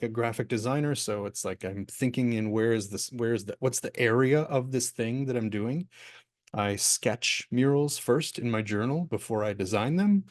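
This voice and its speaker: Working from his home office over a video call, a man runs an online workshop and fields participants' questions. He's relaxed and meandering, full of fillers and restarts, with a mid-range voice. The sound is studio-clean with no room tone.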